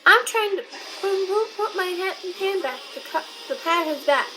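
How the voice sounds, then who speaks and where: High-voiced young woman telling her story. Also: moderate pace, low-quality recording. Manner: chatty, talks straight to viewers. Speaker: vlogger. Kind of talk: personal storytelling to camera. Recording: clear steady background noise.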